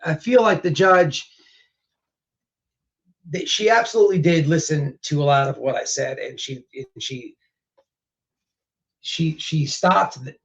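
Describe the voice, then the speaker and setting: A man hosting a casual livestream chat, rambling with many restarts, his voice going hoarse. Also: fairly high pitch. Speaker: livestream host. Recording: dull lo-fi stream audio.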